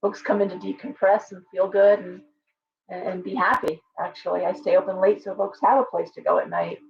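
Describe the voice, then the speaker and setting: A woman's voice: medium pitch, steady tone, brisk, creaky, highs cut off. Chatty middle-aged woman on a livestream. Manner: chatty, digressive, talks back to viewer comments. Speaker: shop owner hosting a livestream. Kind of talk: casual livestream chat.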